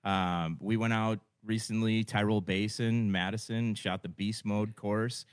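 Low, calm male co-host, matter-of-fact. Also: a little slow, clear, resonant tone, no echo, clean studio sound. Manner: steady, informative. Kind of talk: casual chat.

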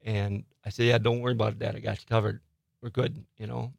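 Soft-spoken older man, gravelly voice, dry studio sound. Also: fairly low pitch, flat delivery, fast talker, dry recording. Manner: soft-spoken, quiet, laughs often. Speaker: studio guest, ghost tour guide. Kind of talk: casual interview. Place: radio studio.

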